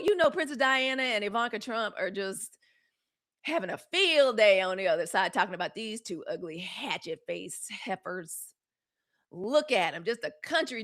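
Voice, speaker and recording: A woman hosting a daily live news stream, talking in a sassy, animated way straight to her viewers. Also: medium pitch, moderate pace. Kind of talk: casual live-stream commentary.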